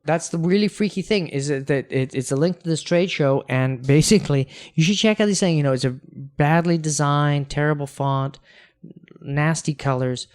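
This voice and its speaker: A man's voice: a little high, moderate pace, smooth. A man co-hosting a casual podcast, telling stories with lots of energy, acting out quotes and restarting his sentences. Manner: animated storyteller, acts out quotes, many restarts. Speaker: podcast co-host.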